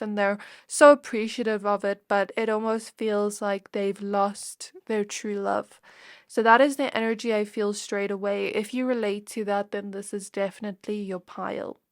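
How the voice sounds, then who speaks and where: A woman reading tarot cards for viewers, talking in a soft, intimate and emotional way, close to tears. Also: mid-range voice, no echo. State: teary, close to crying. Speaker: tarot reader. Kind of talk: pick-a-card tarot reading.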